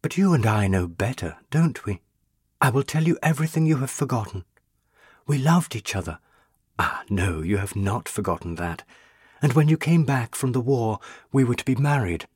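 A man voicing a young female ghost, a burned witch, speaking in a pleading, tender and intense way with a husky voice. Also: mid-range voice, expressive, moderate pace, a little mellow, no room sound, clean studio sound.

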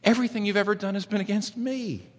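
A man preaching a sermon as pastor, earnest and animated, acting out little stories as he goes. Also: high-pitched, quick pace, in a large hall.

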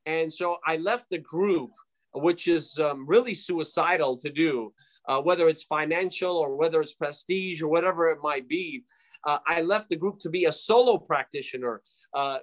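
A man giving a fervent preaching testimony as a guest, emphatic and repetitive, with frequent fillers. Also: high-pitched.

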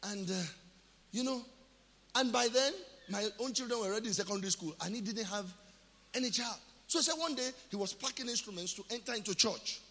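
A male pastor with a Nigerian accent preaching a sermon. He asks questions and answers them himself, then builds to shouted declarations. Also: high voice, fairly quick, big-room sound. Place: church.

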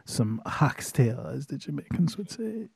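A man's voice: on the high side, big pitch swings, unhurried, gravelly, a little mellow, breathy edge, dry recording, clean studio sound. A man co-hosting a podcast, chatting in an easygoing, laid-back way. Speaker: podcast co-host. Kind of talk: casual chat.

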